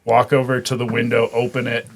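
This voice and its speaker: A man's voice: mid-range voice, monotone, a little fast, vocal fry. Profane, rambling man on a podcast. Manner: loose and profane, filler-heavy. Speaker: podcast guest. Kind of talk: casual chat, storytelling.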